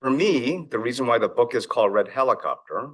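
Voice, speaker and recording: A man's voice: mid-range voice, lively intonation, a little fast. A middle-aged man, an author and investor, giving a conference keynote in a reflective storytelling manner. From United States. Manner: storytelling, reflective, acts out family dialogue.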